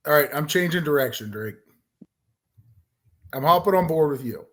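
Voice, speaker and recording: Slightly high-voiced debating podcast host. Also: male voice, expressive, normal speed, a bit bright. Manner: argumentative, steering the debate. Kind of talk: sports podcast chat.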